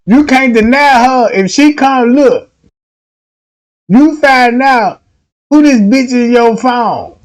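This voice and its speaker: A man's voice: extremely high pitch, takes it slowly, pauses often, dry recording. A man hosting a livestream, telling comic stories in casual slang, laughing often and acting out the people he quotes. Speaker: livestream host.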